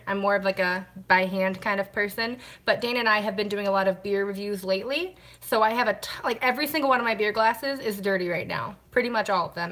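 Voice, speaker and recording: A woman's voice: mid-range voice, fairly bright tone. A woman hosting a casual live stream at home, chatting to viewers, greeting them and answering comments while washing glasses by hand.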